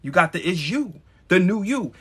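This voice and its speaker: High bright preachy man on a live stream. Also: big pitch swings, moderate pace, slightly rough. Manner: emphatic, preachy, blunt with profanity; addresses viewers directly. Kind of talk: motivational live-stream talk.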